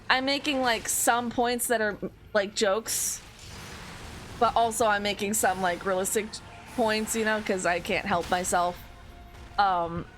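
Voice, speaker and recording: A woman's voice: a little high, a bit bright. A young woman streamer chatting casually while gaming, rambling and self-interrupting with lots of "like".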